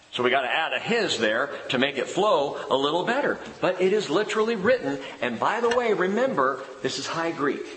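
Animated male preacher in an echoey hall. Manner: animated preaching, drops low and soft for emphasis. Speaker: pastor. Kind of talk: sermon. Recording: echoey hall with long reverb.

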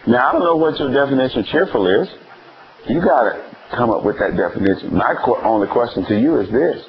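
Lively preacher man, dull lo-fi sound. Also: mid-range voice, a little fast. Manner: calls for answers from the congregation; acts out homespun family scenes. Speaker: pastor. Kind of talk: sermon. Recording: slightly dull lo-fi church recording.

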